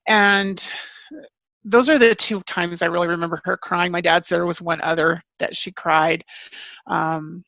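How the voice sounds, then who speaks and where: Low gravelly woman speaking candidly. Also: fairly even intonation, a bit bright, no room sound. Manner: candid, halting, frequent restarts. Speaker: author and family caregiver. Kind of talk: interview answers.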